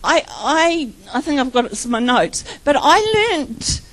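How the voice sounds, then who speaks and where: A woman's voice: high voice, animated, unhurried, poor audio. A middle-aged woman preaching a personal testimony sermon, telling her story with laughter and tearful moments.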